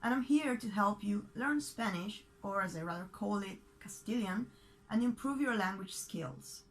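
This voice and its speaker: A woman with an Argentine accent who teaches a language lesson in a scripted way, speaking slowly and clearly and repeating example words for learners. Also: medium pitch, lively intonation, low-quality recording. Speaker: Spanish teacher.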